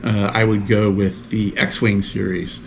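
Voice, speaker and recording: A man's voice: lowish voice, level tone, a little slow, gravelly, slight background noise. A man, a guest in a casual chat, rambling loosely with lots of fillers.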